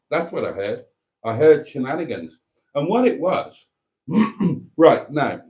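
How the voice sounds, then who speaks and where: A man's voice: medium pitch, a little mellow. A man from Britain hosting a live stream, chatting casually and rambling between jokes. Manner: rambling, jokey, theatrical.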